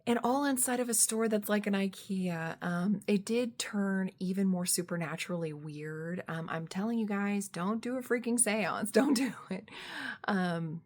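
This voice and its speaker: Giggly, excitable woman book vlogger. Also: mid-range voice, a little slow. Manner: excitable, giggly, many fillers. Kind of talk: casual vlog book review.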